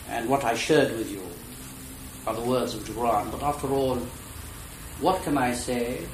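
An older man lecturing in the evening, speaking in a reflective and unhurried way. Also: medium pitch, echoey room, slight background noise.

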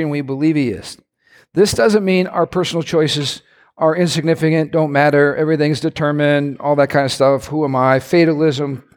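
A man preaching a sermon in an animated way, his voice climbing to near-shouts. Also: on the high side. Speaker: pastor.

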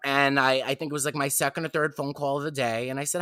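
A young woman tells a story on a podcast with a bright, forward voice. She is candid and self-deprecating and keeps the telling animated. The sound is dry and close to the mic. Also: a bass voice, fairly quick, hardly any pauses, dry recording. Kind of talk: casual storytelling chat.

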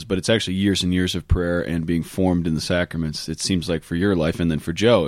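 A man hosting a relaxed podcast, with a fast, low voice recorded close and dry. He teases his guests and laughs easily. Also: no echo. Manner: quick, joking, laughs often. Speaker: podcast host. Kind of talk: casual podcast chat.

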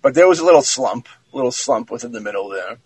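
Host: a husky guy who rambles through casual film chat, dry close sound. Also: medium pitch, expressive, fast, a little mellow, no echo, rough recording. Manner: loose, rambling, restarts often. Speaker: podcast host.

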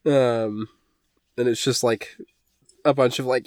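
A man co-hosting a podcast who chimes in with relaxed remarks. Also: mid-range voice, slow, pauses often, no echo, studio quality. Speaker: podcast co-host. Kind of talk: casual chat.

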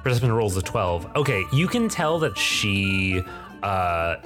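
Halting man running a tabletop game. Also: on the low side, big pitch swings, over music. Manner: halting, lots of fillers and restarts. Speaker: game master.

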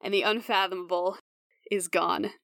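A young woman running a tabletop game as game master, narrating in an animated way, full of "like" fillers. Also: medium pitch, normal speed, gravelly, no echo, studio quality. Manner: animated, lots of "like" fillers, breaks into character voices.

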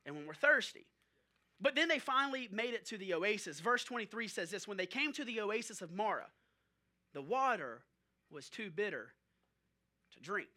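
A male pastor preaching a sermon, animated and joking, talking straight to the congregation. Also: extremely high pitch. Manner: animated storytelling with jokes and audience asides.

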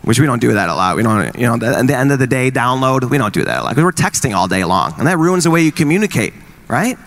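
A stand-up comedian in his thirties performs a routine of wry, exasperated dad stories about marriage and parenting. He's very animated and fast-talking, with a medium-pitched, slightly bright voice.

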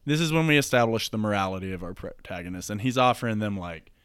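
A man's voice: lowish voice, fast, a bit bright, clean tone, no echo, clean studio sound. A man in casual chat, rambling through a made-up movie plot and filling it with "like" and "you know".

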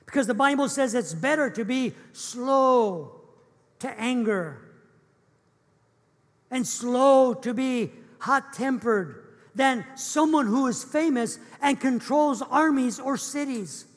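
A man's voice: very high-pitched, expressive, slow pace. A man preaching a sermon as pastor in an earnest, emphatic, repetitive way. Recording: echoey church hall.

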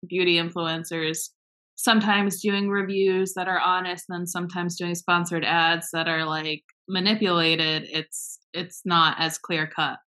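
Bright-voiced sarcastic young woman. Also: on the low side, level tone. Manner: blunt, sarcastic, swears freely; says she talks fast and mumbles words together. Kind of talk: casual chat.

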